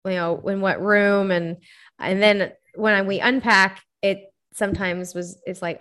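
A woman's voice: medium pitch, fairly even intonation, a bit bright. A woman hosting a podcast, chatting in a bubbly, talkative way with a guest. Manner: bubbly, chatty, quick laughs. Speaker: podcast host. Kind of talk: casual interview chat.

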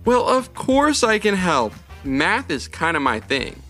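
A man doing a brisk math master. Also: medium pitch, expressive, sharp tone, soft background music. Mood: pleased. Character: gruff male math master turned cheerful. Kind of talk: children's storybook reading.

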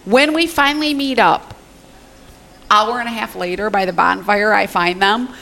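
A middle-aged woman telling a story in casual podcast chat, animated and profane. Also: mid-range voice, moderate pace, creaky. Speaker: podcast guest.

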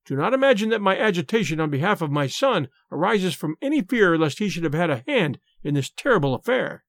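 A man's voice: high voice, sing-song, brisk, a bit bright, no room sound, studio quality, heavily acted. A man reading an audiobook, voicing an anxious, agitated landlady who pleads earnestly. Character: middle-aged woman landlady, agitated mother.

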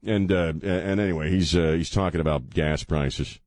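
A man's voice: deep voice, steady tone, moderate pace, hardly any pauses, darkish tone, no room sound. Sarcastic male radio host, mocking delivery, very dry studio mic. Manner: mocking, sarcastic, laughs at his own jokes. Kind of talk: sarcastic political commentary.

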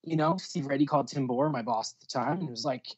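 A man's voice: mid-range voice, quick pace. Man, music booking agent, casual interview, rambling, lots of fillers, dull lo-fi recording. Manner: rambling, many fillers and restarts. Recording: dull lo-fi sound.

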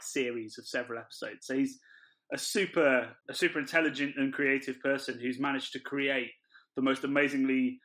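Brief: male podcast host, bright forceful tone, chatty and self-deprecating. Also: medium pitch. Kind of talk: casual podcast chat.

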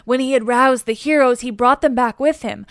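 A woman reading an epic poem aloud as scripted narration, in a measured, steady way. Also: high voice, dry recording, clean studio sound. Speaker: audiobook reader.

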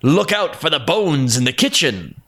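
A man voicing a wicked male badger disguised as an old woman, speaking slowly, slyly and mockingly in a storybook reading. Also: fairly high pitch, big pitch swings, fairly bright tone, heavily acted.

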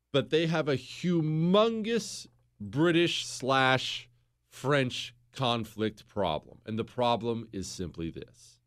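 A middle-aged man hosting a history podcast, telling the story casually and acting out quoted exchanges. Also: on the high side.

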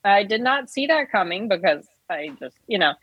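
A woman's voice: medium pitch, very animated, moderate pace, slightly rough, no echo, highs cut off. A woman co-hosting a podcast in casual chat, chatty and rambling with gushing asides. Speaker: podcast co-host.

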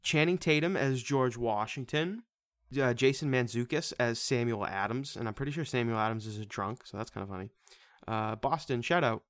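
A man co-hosting a casual movie podcast, excitable, swearing casually and laughing often. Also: mid-range voice, moderate pace, no echo, clean studio sound. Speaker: podcast co-host. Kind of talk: casual movie-review chat.

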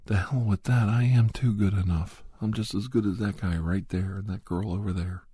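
A man speaking soft, repetitive, earnest self-affirmations in a breathy, half-whispered voice. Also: lowish voice, steady tone, moderate pace, hardly any pauses, no room sound, clean studio sound.

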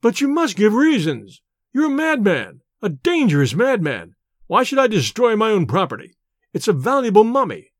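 A man voicing a frightened, desperate scholar who pleads in a shrill, rising voice. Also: huge pitch swings, moderate pace, no echo, clean studio sound, full character voice. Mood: protesting.

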